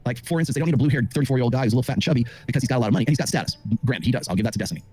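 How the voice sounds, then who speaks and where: Middle-aged man, husky, rapid-fire self-assured podcast monologue. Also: mid-range voice, a little mellow. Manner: rapid, confident lecturing with many fillers. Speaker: dating commentator on a show.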